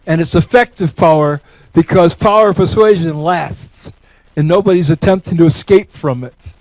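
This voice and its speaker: High-voiced joking man speaking dry. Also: normal speed, darkish tone, dry recording, low-quality recording. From Elmira, New York. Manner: folksy, joking, repeats words for emphasis. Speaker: guest speaker. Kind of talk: speech with audience questions.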